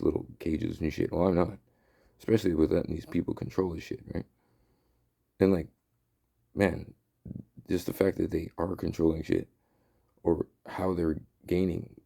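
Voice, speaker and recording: A man rants in a heated, rambling way, swearing freely. His low voice is thick with gravel and fry, with a dark, husky tone. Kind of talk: ranting monologue.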